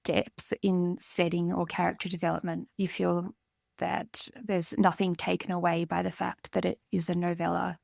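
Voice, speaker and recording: A woman's voice: fairly low pitch, flat delivery, moderate pace, creaky, a little mellow, no room sound, clean studio sound. A woman co-hosting a book podcast, earnestly recommending a book with fillers like "yeah" and "like.". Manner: earnest, enthusiastic, with filler words. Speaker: podcast co-host.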